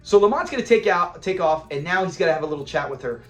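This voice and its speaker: A man casually reviewing a classic sitcom episode, animated and laughing often as he acts out scenes. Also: a little high, quick pace, echoey room, soft background music. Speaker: show reviewer.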